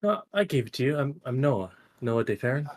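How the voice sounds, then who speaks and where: A man playing a tabletop game who speaks in a hesitant, self-effacing way. His voice sits at an average pitch. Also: very animated, a little fast. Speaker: player.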